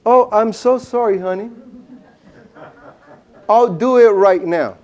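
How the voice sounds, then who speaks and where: A man's voice: high voice, slow, darkish tone, highs cut off. A man voicing a farmer in a story he tells, who snaps at people and then turns friendly, in a raised exclaiming voice. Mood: cheerful. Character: angry downcast farmer, later cheerful.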